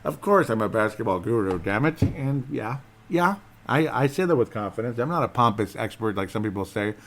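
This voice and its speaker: A man's voice: mid-range voice, lively intonation, brisk, slight background noise. A man hosting a casual solo podcast in a rambling, jokey, self-deprecating way. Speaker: podcast host.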